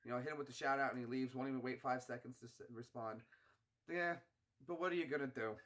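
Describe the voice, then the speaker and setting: A man's voice: medium pitch, fast, a bit bright. A man co-hosting a game stream, chatting casually in a joking, rambling way. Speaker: co-host of a gaming channel. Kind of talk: casual chat over a game.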